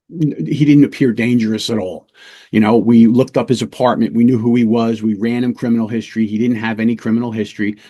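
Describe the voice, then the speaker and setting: A middle-aged man, a police lieutenant, teaching undercover work through a casual, lively anecdote told with small restarts. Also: fairly low pitch. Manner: lively anecdotes, acts out quoted voices, fillers and restarts. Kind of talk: casual storytelling lesson.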